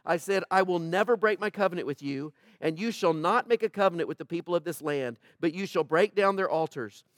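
A man's voice: sits high, fairly quick, no echo, studio quality. A man preaching a sermon in a conversational way, asking the congregation questions and pressing his points harder as he goes. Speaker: pastor.

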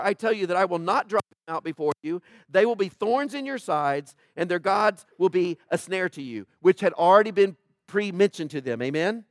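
A man's voice: high voice, dry recording, studio quality. A man preaching a sermon in a conversational way, asking the congregation questions and pressing his points harder as he goes. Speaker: pastor.

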